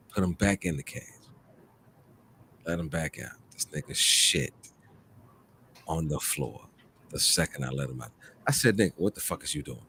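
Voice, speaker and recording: Deep-voiced man telling a rowdy story. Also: vocal fry, slight background noise. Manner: profane, animated storytelling. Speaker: host. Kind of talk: casual chat.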